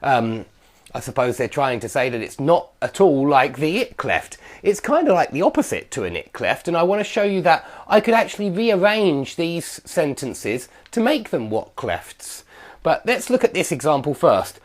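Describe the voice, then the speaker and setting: A man teaching an English grammar lesson, explaining patiently with fillers and self-corrections, saying example sentences slowly and clearly. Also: on the high side, sing-song.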